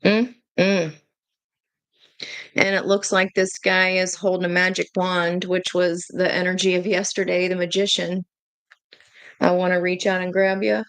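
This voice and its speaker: A woman giving a casual tarot reading to her viewers, chatty and excitable, breaking into gushing exclamations. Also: lowish voice, unhurried, clear, resonant tone, dry recording. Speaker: tarot reader.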